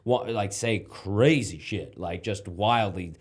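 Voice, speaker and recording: A man in casual podcast banter, telling crude stories in an animated, profane way. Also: lowish voice, slow, slightly rough. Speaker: comedian guest.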